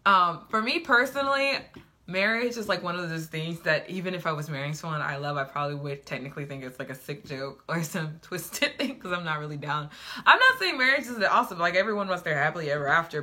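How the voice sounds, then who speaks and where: Young woman book reviewer, very bright voice, rambly, loose and chatty. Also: deep voice. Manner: rambling, full of "like", goes off on tangents. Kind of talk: casual chat.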